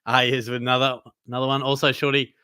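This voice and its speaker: A young Australian man hosts a live Q&A and reads chat questions aloud in loose, easygoing banter full of "mate". His voice is bright and crisp, and the recording sounds dry and close. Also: medium pitch, little pitch movement, fast talker, no room sound. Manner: casual, laid-back banter with frequent mates and fillers. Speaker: host.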